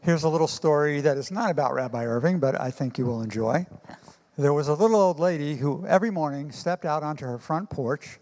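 A male pastor preaches, moving through his stories with pauses and fillers. His voice sits slightly high for a man. A long hall reverb trails behind his words. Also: animated, a little mellow. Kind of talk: sermon.

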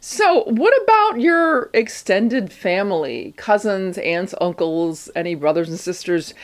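Slow-speaking woman hosting an interview. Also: medium pitch, lively intonation. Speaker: interview host.

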